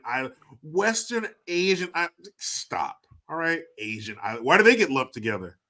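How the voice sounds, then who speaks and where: Podcast guy ranting, bright punchy voice, swoops all over, cussing a lot. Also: a little high. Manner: animated, swearing, mock-incredulous. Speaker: podcast co-host. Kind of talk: casual podcast banter.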